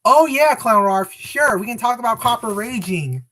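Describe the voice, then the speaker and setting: A woman's voice: fairly high pitch, lively intonation, normal speed, a bit bright. A woman casually chatting on a live stream, rambling, correcting herself, and greeting viewers by name.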